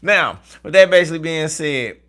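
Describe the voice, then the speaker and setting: Man, tarot reader, casual stream chat, bright tone, slightly high pitch, laughs at himself. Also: animated, moderate pace. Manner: chatty, repeats "okay?", stumbles and restarts, laughs at himself.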